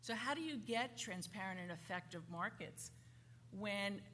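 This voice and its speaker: A woman speaking on a conference panel, halting and often restarting her sentences. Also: medium pitch, expressive, fairly bright tone. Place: conference hall. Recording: conference hall reverb, faint noise.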